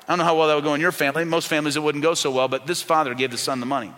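A pastor preaches to his congregation in a bright, forceful voice that sits a touch high for a man. He keeps it conversational, putting questions to the people and going soft when he quotes the people in his stories. The sound rings with the long reverb of a big church hall. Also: fairly even intonation, very fast. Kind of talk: sermon.

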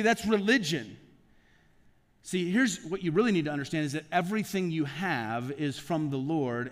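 Male pastor with a high voice, preaching conversationally in rapid rhetorical questions, long church-hall echo. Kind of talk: conversational sermon. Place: church sanctuary.

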